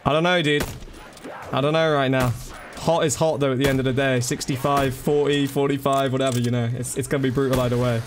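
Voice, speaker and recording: A man chats casually with viewers during a live gaming stream, thanking them by name and calling them bro and dude. His mid-range voice comes across flat and fast, with a little hiss or hum in the audio.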